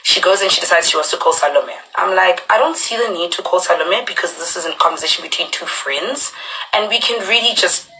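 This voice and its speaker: A young woman on a livestream, retelling a quarrel in an animated way and acting out the quotes. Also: lowish voice, brisk, poor audio. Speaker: reality show housemate.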